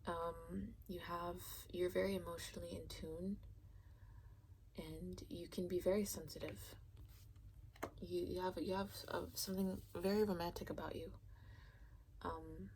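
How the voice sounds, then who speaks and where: A woman giving a casual pick-a-card tarot reading, rambling and halting, sometimes dropping into a soft whisper. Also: lowish voice, steady tone, a little hiss or hum, rough recording. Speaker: tarot reader.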